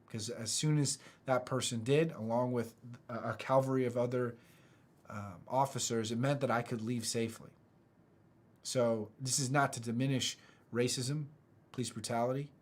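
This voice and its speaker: Earnest halting American man speaker. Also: medium pitch. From United States. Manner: halting, many restarts, earnest. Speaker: motivational speaker. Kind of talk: casual online talk.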